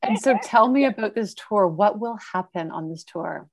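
A woman's voice: mid-range voice, lively intonation, normal speed, no room sound. A woman hosting an interview, chatty and affirming as she responds to her guest. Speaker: podcast host. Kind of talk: conversational interview.

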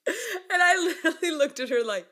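A young woman telling a story casually and mocking herself, laughing often and jumping up in pitch when she acts out quotes. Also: fairly quick. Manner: chatty and self-mocking, laughs a lot; animated, voice jumps up when acting out quotes. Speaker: vlogger.

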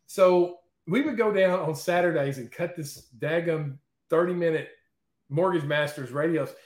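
A man guest in an interview, telling stories in a lively, chatty way and often checking in with "okay?" and "right?". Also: fairly high pitch, a little slow, echoey room. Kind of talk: casual storytelling in an interview.

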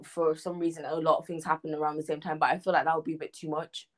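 A woman's voice: sits low, level tone, quick pace. A young woman from co-hosting a podcast, playful and teasing, laughing often. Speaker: podcast co-host. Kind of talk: casual chat.

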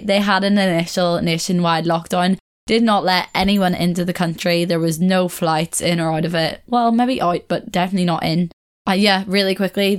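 Chatty young woman vlogger, lower voice. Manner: chatty, self-correcting, laughs often. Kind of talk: casual chat to camera.

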